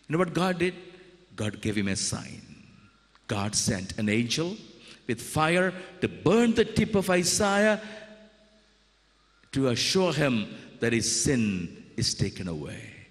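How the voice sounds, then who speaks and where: A man from India, a priest preaching a sermon in a slow, dramatic and emphatic way at a retreat. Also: mid-range voice, very animated. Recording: long hall reverb.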